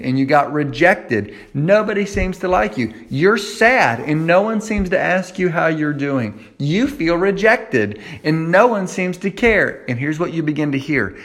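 Gravelly conversational youth preacher man. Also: fairly high pitch, animated, unhurried, few pauses. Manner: conversational, repeats key phrases. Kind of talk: sermon.

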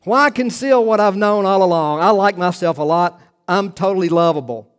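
A man's voice: a little high, normal speed, a little mellow, natural voice. A man voicing a smug young bride. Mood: earnest. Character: self-satisfied young woman marrying herself.

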